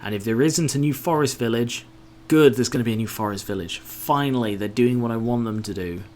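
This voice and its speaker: A gameplay commentator speaks in a mid-range, darkish voice at a fairly quick clip, grumbling and swearing casually as he mutters to himself through the game. His loose commentary is aimed mostly at himself, with a faint hiss of background noise underneath.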